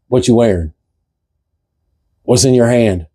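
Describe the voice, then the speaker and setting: A man's voice: mid-range voice, unhurried, dark tone, husky, no echo. A man speaking, giving a passionate spiritual monologue to camera that repeats phrases and fires off rhetorical questions. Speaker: vlogger.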